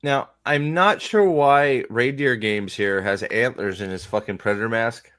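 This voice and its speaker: A man's voice: medium pitch, a little slow, a bit bright. Profane, rambling man ranting about a movie. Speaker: movie reviewer. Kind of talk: casual movie rant.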